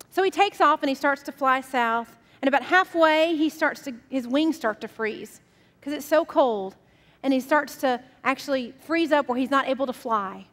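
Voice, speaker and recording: A woman pastor preaches in a relaxed, conversational storytelling manner. Her high voice carries a long reverb from a church sanctuary. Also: moderate pace. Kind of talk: sermon.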